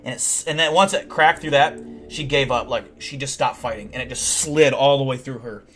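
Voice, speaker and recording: A young man hosting a livestream, telling deadpan, boastful tall tales in a rambling way full of fillers. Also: mid-range voice, normal speed. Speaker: livestream host. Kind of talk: comedic in-character livestream storytelling.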